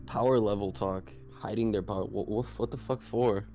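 A man's voice: fairly low pitch, steady tone, normal speed, mellow, faint music behind. A man in a casual gaming voice chat who jokes crudely, swears a lot and likes to provoke. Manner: crude, profane, provocative joking. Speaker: voice chat participant.

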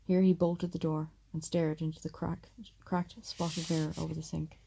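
A woman narrating an audiobook in a measured, steady reading voice. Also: low voice, vocal fry, slight background noise.

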